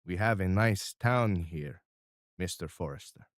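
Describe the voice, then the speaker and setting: A man voicing a tubby, calm small-town boss who dislikes change, speaking in a slow, formal, measured way. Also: deep voice, no room sound, studio quality.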